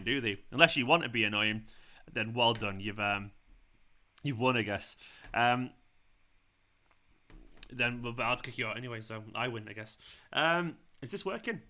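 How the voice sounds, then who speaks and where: A man hosts a live football watchalong, chatting loosely with viewers. His voice has a bright, forward ring and a mid-range pitch. He is excitable and swears freely when the match surprises him. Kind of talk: casual live-stream chat.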